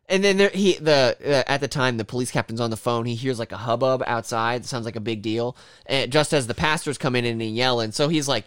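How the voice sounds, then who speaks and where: A man casually recapping a film in a rambling, profane way, often slipping into quick quoted voices of the characters. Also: mid-range voice, fairly bright tone, smooth, no room sound, studio quality.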